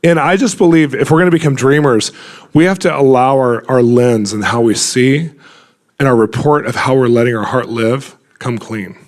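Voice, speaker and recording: A man's voice: medium pitch, moderate pace. A man preaching in a conversational, story-telling way, full of casual filler words. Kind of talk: conversational sermon.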